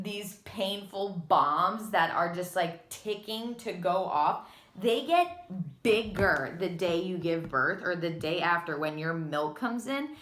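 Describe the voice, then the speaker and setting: Here a young pregnant vlogger, somewhere in her twenties, goes on a breathless, sarcastic, theatrical rant for her casual vlog. Her voice is fairly low yet a bit bright, and the room echoes.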